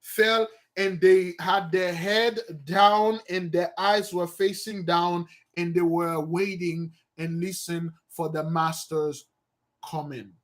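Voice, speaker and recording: Slow, high-voiced man thinking aloud. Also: fairly even intonation. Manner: rambling, thinks aloud, self-correcting. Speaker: study host. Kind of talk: informal study session, reading and explaining a text.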